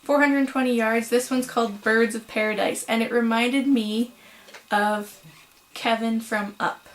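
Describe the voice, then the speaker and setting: Young woman, somewhat high voice, casual crochet vlog, chatty, lots of "um" and "so", home recording. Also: steady tone, unhurried, rough recording. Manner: chatty, apologetic, many "um"s and "so"s. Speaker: crochet vlogger. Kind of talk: casual chat to camera. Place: home room.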